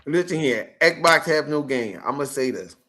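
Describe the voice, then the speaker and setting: Animated, bright-voiced man telling stories. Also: a little high, normal speed. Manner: animated storytelling, swearing, acts out quotes. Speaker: podcast host. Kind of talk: casual chat.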